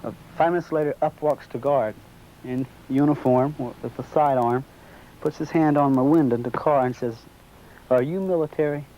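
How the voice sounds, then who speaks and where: A man's voice: mid-range voice, normal speed. A man being interviewed, telling a long personal story in a casual way and acting out the dialogue he remembers. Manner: animated retelling, acts out quoted dialogue. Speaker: interviewee recounting a sighting. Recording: muffled lo-fi recording, faint background noise.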